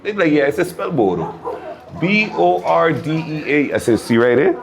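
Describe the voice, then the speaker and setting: A man's voice: a little high, lively intonation, brisk, vocal fry, crowd noise. A man with a Virgin Islands accent, a DJ telling stories in a casual interview in a laid-back way. He often checks in with his listener and laughs as he talks. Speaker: DJ and music producer.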